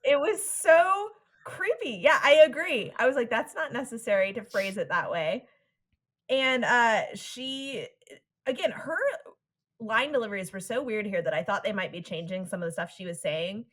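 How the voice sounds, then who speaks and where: A woman's voice: fairly high pitch, expressive, normal speed. A woman co-hosting a podcast, recapping a cartoon episode in a casual, wry and giggly way. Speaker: podcast co-host.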